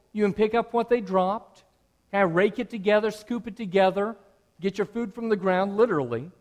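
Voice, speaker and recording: Man preaching a conversational sermon. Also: high voice. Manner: conversational preaching, rising to animated emphasis. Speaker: pastor.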